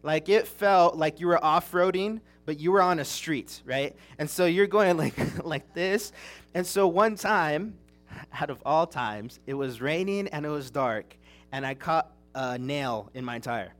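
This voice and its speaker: A young man delivers a sermon in an earnest, chatty storytelling manner, and his voice sits a little higher than most men's. He is from Southern California. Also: a little slow, fairly bright tone. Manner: earnest, conversational storytelling with restarts. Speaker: preacher.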